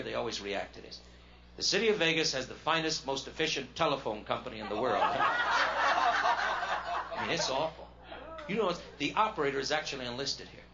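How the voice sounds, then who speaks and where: A man performing stand-up comedy live in a casino showroom, telling stories with wry, punchy delivery. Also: medium pitch. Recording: dull lo-fi 1970s live record, loud hiss.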